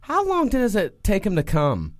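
A man's voice: sits high, wildly swooping pitch, moderate pace, no echo, clean studio sound. A man in casual podcast chat who jokes bluntly and crudely.

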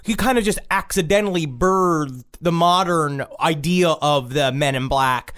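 A man's voice: fairly high pitch, unhurried, a bit bright. Rambling, swearing man in casual chat. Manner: rambling, profane, jokey. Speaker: podcast co-host.

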